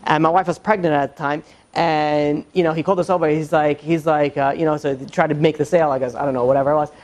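A man teaching as a rabbi in an informal lecture, halting and full of "you know" fillers and restarts, with joking asides. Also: a little high, steady tone.

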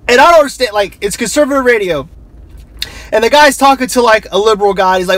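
A man's voice: high voice, fast, fairly bright tone, no room sound. A young man vlogging in a casual, rambling way, laughing often and cutting himself off mid-thought. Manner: chatty, laughing, self-interrupting.

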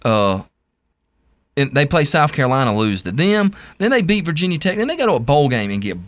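Animated Southern man, sports co-host. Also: fairly high pitch, fairly quick. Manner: excitable, trails off and restarts. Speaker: sports talk show co-host. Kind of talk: casual sports chat.

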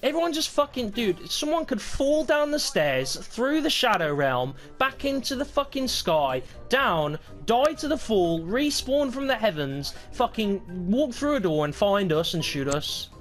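A man's voice: high-pitched, big pitch swings, measured pace, few pauses, fairly bright tone, faint music behind. A man ranting and swearing at teammates while playing a shooter. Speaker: gaming friend. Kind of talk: casual gaming banter.

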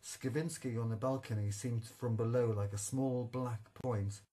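Male audiobook narrator, measured literary delivery, middle pitch. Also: dark tone, poor audio. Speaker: audiobook reader. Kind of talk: scripted narration.

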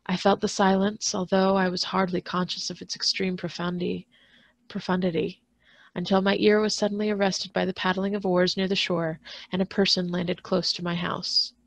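A woman librarian reads a classic novel aloud at a steady pace, now and then stumbling and restarting on a difficult word. Her voice sits fairly low with a noticeable gravelly fry. The recording is dry and close. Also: normal speed, no echo. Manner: steady reading with occasional restarts on hard words. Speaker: school librarian.

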